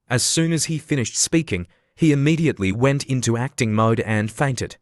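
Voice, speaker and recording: A man narrating an anime story recap in a steady, even, scripted delivery. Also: medium pitch, moderate pace, few pauses, no room sound, studio quality.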